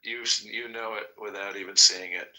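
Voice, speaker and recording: A man chatting casually as a podcast co-host, quick to joke and act out comedy bits. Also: lowish voice, steady tone, sharp tone, low-quality recording. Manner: joking, quick, does bits. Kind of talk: casual chat.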